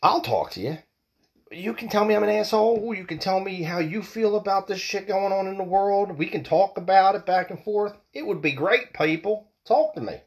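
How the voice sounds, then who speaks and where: A man's voice: sits high, moderate pace, a little mellow. A man hosting a solo podcast, ranting with heated, profane talk, often repeating and stumbling over his words. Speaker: podcast host.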